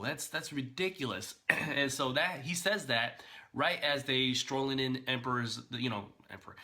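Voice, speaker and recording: This mid-range male voice belongs to a vlogger doing lively, casual reaction commentary. His talk is chatty and full of filler words and false starts.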